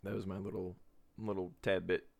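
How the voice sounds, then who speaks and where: Young man, twenties, low-pitched, casual podcast chat, rambling, profane, laughs a lot. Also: little pitch movement, moderate pace, creaky. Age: 20s. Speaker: podcast host.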